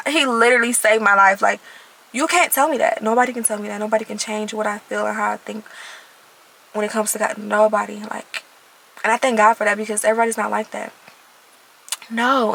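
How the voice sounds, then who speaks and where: A young woman shares her faith testimony in an earnest, emphatic way, often repeating a phrase to drive it home. Her voice is bright and sharp, with a gravelly fry running through it. She talks casually, as if to friends watching. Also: mid-range voice, steady tone, brisk, rough recording. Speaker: vlogger sharing her testimony. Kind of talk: personal faith testimony, casual talk to camera.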